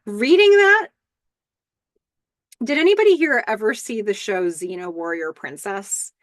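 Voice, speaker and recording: A woman hosting a podcast, recapping a TV episode in a casual, animated way and reading the characters' lines aloud in playful voices. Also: medium pitch, moderate pace, dry recording, clean studio sound.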